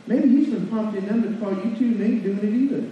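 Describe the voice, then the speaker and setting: A man preaching a sermon in a church, folksy and animated, asking the congregation questions. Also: high voice, fast talker, slight background noise. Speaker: pastor. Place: church sanctuary. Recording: distant mic in a very echoey hall, lo-fi.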